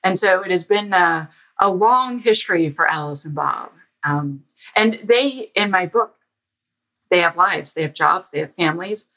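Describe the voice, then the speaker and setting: A woman with a rather low but bright, forceful voice, chatting as a guest on a podcast. She tells anecdotes briskly and slips into quoted dialogue as she goes. She sounds casual and animated. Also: poor audio. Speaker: podcast guest, security author. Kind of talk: casual storytelling interview. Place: lives in a Canadian province.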